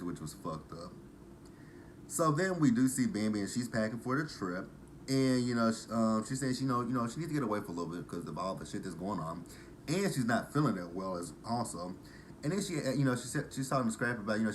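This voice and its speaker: Low-voiced rambling man. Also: slight background noise. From Texas. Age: 30s. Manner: rambling, profane, goes off on tangents. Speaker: TV episode reviewer. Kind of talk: casual vlog recap.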